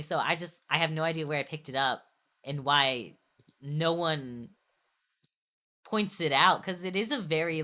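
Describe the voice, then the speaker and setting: A young woman chats on a stream in a low voice with a bright edge. She rambles, restarts her sentences and laughs between thoughts. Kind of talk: casual chat on an art stream.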